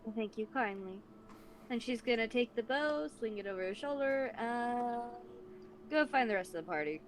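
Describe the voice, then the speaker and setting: Woman playing a tabletop game, kinda high voice, bouncy, chill and polite. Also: expressive, moderate pace, a little hiss or hum. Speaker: player.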